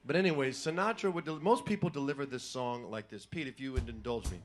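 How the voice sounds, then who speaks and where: A man's voice: medium pitch, fast, faint music behind. A middle-aged man fronting a band, chatting and joking with a live audience between songs on a stage mic. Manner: joking, chatty, breaks into sung examples. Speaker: singer and frontman. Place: live music venue stage.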